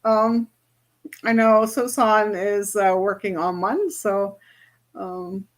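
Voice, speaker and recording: A woman's voice: medium pitch, slow. A woman teaching a group as a spiritual and business coach, in a chatty, casual way that keeps checking in with her listeners. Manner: chatty, often checks in with "right?".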